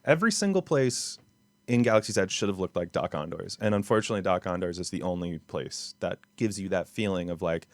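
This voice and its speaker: A man with a fairly low voice, talking in an excited, rambling way, full of restarts and fillers. The sound is dry and close, with no room echo. He co-hosts a casual podcast. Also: a little fast. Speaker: podcast co-host. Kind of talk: casual chat.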